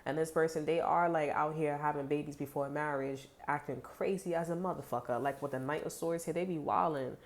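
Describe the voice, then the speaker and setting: Woman, casual tarot reader talking to camera, low-pitched, profane, rambling with fillers. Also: fairly even intonation, brisk, hardly any pauses. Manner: chatty and blunt, heavy swearing, many "like" fillers. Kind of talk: casual tarot reading to viewers.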